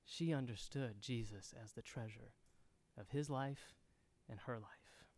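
A pastor preaching an earnest sermon that swells loud and then drops soft. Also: male voice, mid-range voice, measured pace.

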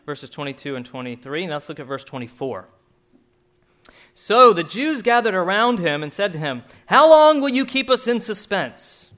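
Guy pastor preaching, kinda high voice, hammers his point over and over. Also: fairly bright tone. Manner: emphatic, repeats key points. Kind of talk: sermon.

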